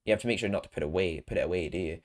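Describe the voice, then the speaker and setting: A man's voice: sits low, rapid-fire, very noisy. A man streaming casual gameplay commentary, chatty, laughing often and swearing. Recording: game music underneath.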